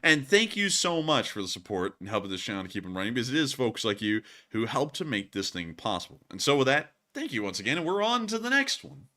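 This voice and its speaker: A man's voice: mid-range voice, very animated, quick pace, hardly any pauses, pushed and bright. A man who is feeling under the weather, hosting a live stream and answering chat questions with set sign-offs. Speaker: host.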